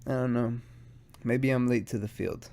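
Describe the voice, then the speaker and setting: A stoned man talks alone on his podcast with a gravelly voice that sits at an ordinary pitch. He rambles from one thought to the next, swears freely and keeps making fun of himself. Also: normal speed, warm tone. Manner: rambling, profane and self-mocking. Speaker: podcast host. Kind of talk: casual solo podcast monologue.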